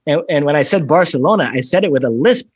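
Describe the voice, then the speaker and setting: A man co-hosting a soccer podcast, explaining things in a brisk, detailed, analytical way. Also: a little high, animated, husky, no room sound. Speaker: podcast co-host. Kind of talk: casual soccer podcast chat.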